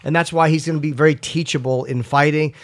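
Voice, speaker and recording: A man hosting a podcast in a casual chat, quick, joking and teasing. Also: on the high side, steady tone, no room sound. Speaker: podcast host.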